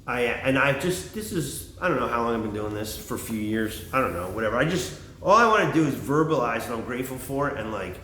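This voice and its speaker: A man's voice: mid-range voice, lively intonation, a little fast, hardly any pauses, pushed and bright, a little hiss or hum. A man vlogging in a casual, rambling monologue, swearing often and full of fillers. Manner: rambling, profane, lots of fillers. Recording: roomy echo, faint ambience.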